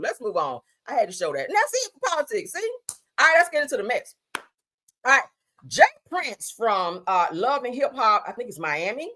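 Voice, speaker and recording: A woman hosting a livestream, giving sassy, animated commentary on news and gossip, swearing freely and calling listeners honey. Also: on the high side, normal speed. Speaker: livestream host.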